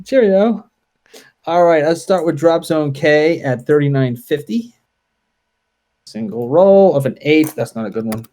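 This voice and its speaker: A man playing a tabletop wargame, calling out dice results and unit moves in a relaxed, deliberate way. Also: on the high side. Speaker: wargame player. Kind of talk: casual play-through commentary.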